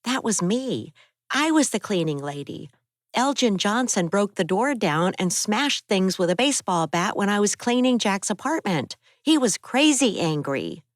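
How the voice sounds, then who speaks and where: A woman narrator voicing a protective, emotional young woman with a high, urgent voice, in an audiobook. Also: very animated, unhurried, no echo, clean studio sound. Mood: shaken.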